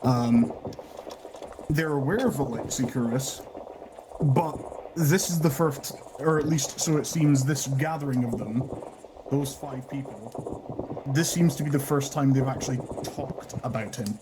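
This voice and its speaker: A man's voice: mid-range voice, a little slow, background noise. A man acting as game master, giving a rambling out-of-character recap of the story and correcting himself as he goes. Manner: rambling, self-correcting explanation.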